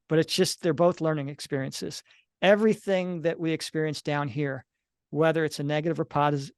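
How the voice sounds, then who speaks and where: Earnest higher-voiced man explaining. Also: clear, resonant tone, dry recording, clean studio sound. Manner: earnest, explanatory, acts out little quoted dialogues. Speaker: author and near-death experience analyst, guest. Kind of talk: interview answers, reflective explanation.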